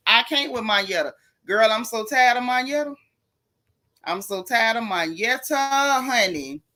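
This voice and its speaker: A woman's voice: fairly high pitch, sharp tone. A woman hosting a casual gossip livestream, greeting viewers in a folksy, chatty way. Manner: chatty, folksy Southern slang, calls everyone sis and baby.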